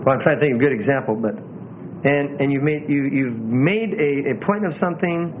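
A man teaching how to preach, earnestly showing emphasis and pauses with his own voice. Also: mid-range voice, noisy background. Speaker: preaching instructor. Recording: tinny phone-like sound.

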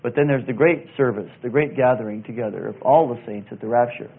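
A man teaching verse by verse through a Bible passage, slow and deliberate, pausing with fillers and spelling out Greek words. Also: mid-range voice, vocal fry, slightly rough. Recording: tinny phone-like sound.

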